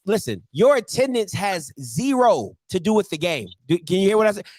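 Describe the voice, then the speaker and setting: Man, call-in host, teasing banter, very high pitch, dry close sound. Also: very animated, brisk, darkish tone, no echo. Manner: teasing, laughing, emphatic. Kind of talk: sports call-in show banter.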